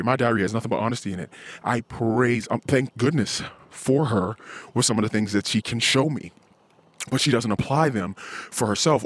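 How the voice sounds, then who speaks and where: A man in his thirties hosting a podcast, venting in a frustrated, profane monologue and mimicking others in a high voice. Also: slightly rough, dry recording. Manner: frustrated, ranting, swears often. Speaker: podcast host.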